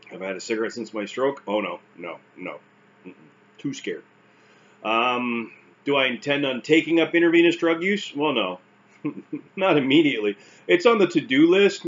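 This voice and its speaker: Canadian man, casual vlog delivery, wry and self-deprecating, lo-fi muffled sound with faint hiss. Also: mid-range voice. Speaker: vlogger recounting stroke recovery. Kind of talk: casual talk to camera.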